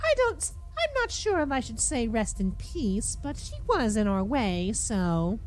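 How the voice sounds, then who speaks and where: A woman's voice: on the high side, very animated, unhurried, slight background noise. A woman hosting a let's play, commentating in a theatrical, mock-villainous, playful way. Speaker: gaming host.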